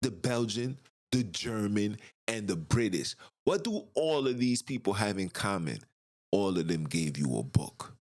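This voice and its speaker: A man's voice: on the low side, sing-song, measured pace. Male host, impassioned solo rant with a widely swinging delivery. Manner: ranting, emphatic, rhetorical questions. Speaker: podcast host. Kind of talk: impassioned monologue.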